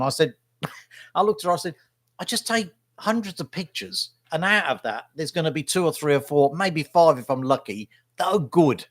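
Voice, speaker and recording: A middle-aged man who vlogs and works as a local newspaper photographer rambles casually, giving blunt opinions and often ending sentences with "right?". His voice is a little high, expressive and a bit bright, at normal speed. The studio sound is clean, with no room echo.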